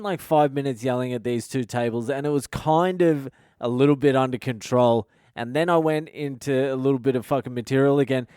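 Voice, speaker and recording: A man's voice: mid-range voice, a little mellow, smooth, dry recording, clean studio sound. A man hosting his own podcast, telling a rowdy story in a blunt, foul-mouthed rant. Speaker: podcast host. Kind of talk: casual storytelling monologue.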